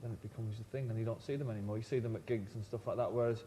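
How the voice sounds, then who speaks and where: A man's voice: lowish voice, fairly even intonation, very fast, dark tone, a little hiss or hum. A man, a guest in an interview, telling wry, rambling anecdotes with stumbling restarts. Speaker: band member guest.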